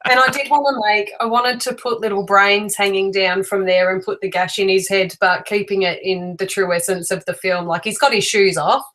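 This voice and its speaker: A woman talks casually as a guest on a live stream. She is chatty and giggles often, filling her sentences with ums and little asides. Her voice sits at an ordinary middle pitch. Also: fairly even intonation, moderate pace, few pauses, fairly bright tone, low-quality recording. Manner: chatty, giggly, many fillers. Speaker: guest, doll maker.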